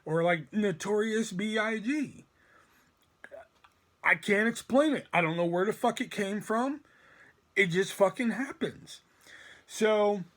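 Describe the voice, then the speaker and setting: A man with a noticeably high-pitched voice tells a long story in a loose, rambling way. He swears constantly and leans hard on his words for emphasis. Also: a bit bright. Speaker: storytime vlogger. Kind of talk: casual storytelling rant.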